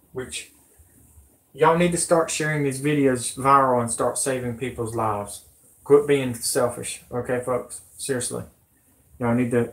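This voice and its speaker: Angry rambling man, echoey room. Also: mid-range voice. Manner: angry, rambling, folksy, cusses. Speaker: amateur news vlogger. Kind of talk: ranting news vlog.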